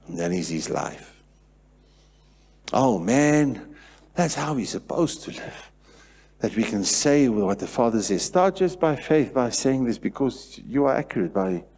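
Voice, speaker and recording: A man preaching a sermon in church, swinging between hushed passages and loud, repetitive declarations. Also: medium pitch. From South Africa. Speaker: pastor.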